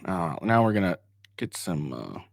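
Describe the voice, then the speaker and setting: Man, low voice, lively swings in pitch, rambling commentary, swears a lot, dry close sound. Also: normal speed, creaky, dry recording. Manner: rambling, swears freely, many fillers and restarts; mocking when paraphrasing others. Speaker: online commentator.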